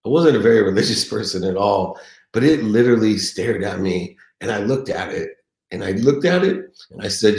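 A man's voice: lowish voice, lively intonation, normal speed, darkish tone. A middle-aged man telling his own story as a motivational speaker, earnest and emotional. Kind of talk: confessional motivational speech. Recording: echoey room.

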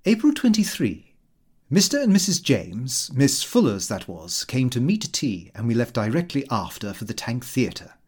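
A man reading a comic diary aloud as an audiobook, with expressive, lively delivery. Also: mid-range voice, moderate pace, husky. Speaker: audiobook reader. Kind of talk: scripted narration of a comic diary.

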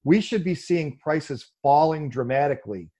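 Husky and moderately paced, a man appears as a guest explaining economics, answering an interview question at length in a conversational way. He's animated and full of fillers, sometimes mocking other views by quoting them in a raised pitch.

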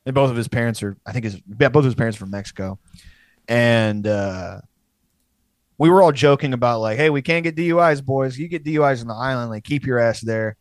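A man's voice: mid-range voice, brisk, no room sound. A young man in his twenties, a comedian, telling a rambling, profane story in casual chat, jumping into friends' voices as he quotes them.

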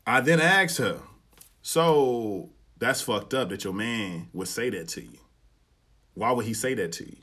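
Animated man podcasting in AAVE. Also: measured pace, breathy edge. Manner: animated storytelling, acts out quotes with rising pitch, swears freely. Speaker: podcast host. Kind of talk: casual solo podcast commentary.

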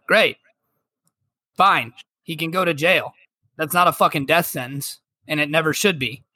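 Bright, indignant man on a podcast. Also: fairly high pitch, normal speed, pauses often, husky, no echo. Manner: indignant, profane. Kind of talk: heated casual chat.

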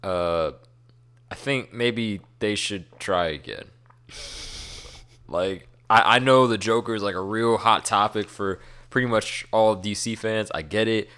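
A man with a fairly low voice, chatting loosely on a podcast. He is easygoing and agreeable, and fills his talk with casual fillers. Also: unhurried, a bit bright, smooth. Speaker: podcast co-host. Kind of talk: casual chat.

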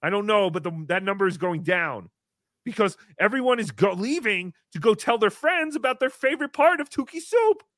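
A man plays a high, bright-toned, self-pitying showman, full of melodrama and swinging pitch. He refers to himself in the third person as if hosting his own sad little show. The sound is dry and close. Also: animated, a little fast, dry recording. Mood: excitable. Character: silly, self-pitying, nasal-voiced male showman. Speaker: livestream show host. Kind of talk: comedic live-stream character bit.

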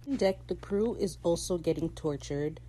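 Lively slangy woman recapping a show. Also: fairly low pitch, moderate pace, slight background noise. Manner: animated, slangy, bursts into laughter. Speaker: podcast host. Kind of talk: casual recap chat.

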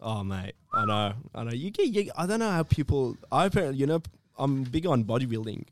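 A man's voice: mid-range voice, very animated, fairly quick. A man co-hosting a podcast in easygoing casual chat, often restarting his phrases. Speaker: podcast co-host.

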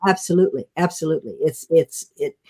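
An older woman, a veteran actress, telling stories in an interview, halting and restarting often as she chuckles. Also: low-pitched, dark tone, slightly rough. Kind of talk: interview storytelling.

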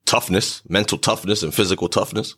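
A man co-hosting a podcast in casual chat, laid-back, reading quotes slowly and deliberately. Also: low voice, steady tone, a bit bright, slightly rough. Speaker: podcast co-host.

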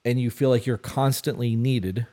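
A man's voice: medium pitch, fairly even intonation, normal speed, mellow. A man in his thirties co-hosting an advice podcast, talking casually and bluntly, swearing and repeating himself for emphasis. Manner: blunt, profane, repetitive. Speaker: podcast co-host.

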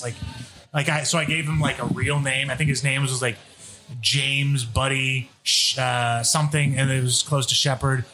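A man's voice: medium pitch, steady tone, brisk, sharp tone. A man chatting casually as a radio guest, swearing often and laughing as he tells stories. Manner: swears a lot, laughs while telling stories. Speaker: guest, former wrestler. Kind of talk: casual chat.

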